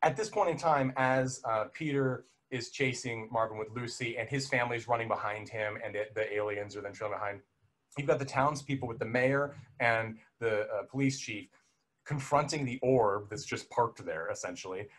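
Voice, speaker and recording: A man's voice: medium pitch, moderate pace, a bit bright. A young man recapping a film in a casual podcast chat, rambling and self-correcting, laughing now and then.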